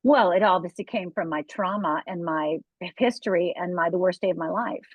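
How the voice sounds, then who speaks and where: A woman's voice: fairly low pitch, normal speed, no echo. A woman from Upper Michigan, a life coach and author, telling her own story in an interview, candid and direct with asides to the listener. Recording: tinny phone-like dry sound.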